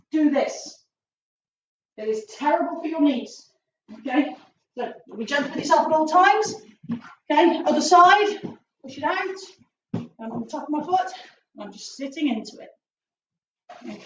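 A woman martial arts instructor leading a live online stretching class, chatty and upbeat with jokey asides. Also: sits high. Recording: distant, roomy, dull with faint noise.

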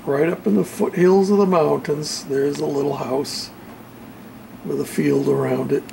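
Man, hobbyist show-and-tell, gravelly, slow and halting, faint background noise, home workshop. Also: a little high, steady tone, a little mellow. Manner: unhurried, halting, with many fillers. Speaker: model railroad hobbyist showing his painted backdrop.

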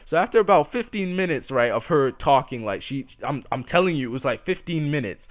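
A teenage young man telling a comic story over gameplay as a gaming channel commentator, laughing often and bursting into shouts. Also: fairly high pitch, expressive, fairly quick. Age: teens.

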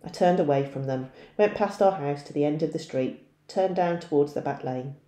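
A woman teacher reading a novel aloud in a steady storytelling voice. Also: sits low, normal speed, roomy sound.

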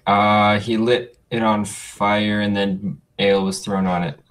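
A man's voice: fairly low pitch, little pitch movement, measured pace, a bit bright. A man playing a tabletop role-playing game, chatting casually and joking. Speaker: player. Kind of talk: tabletop game banter online.

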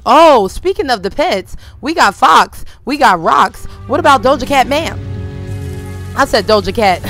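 A woman streamer giving casual, animated, slangy commentary to her viewers while playing a life-simulation game. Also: on the high side, a little slow, soft background music. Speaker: gaming streamer.

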